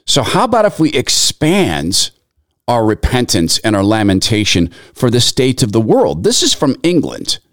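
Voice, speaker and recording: A man's voice: medium pitch, wildly swooping pitch, normal speed, fairly bright tone, no room sound, clean studio sound. A man giving sermon-like commentary in an earnest tone, reciting scripture in long lists. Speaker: Christian commentator.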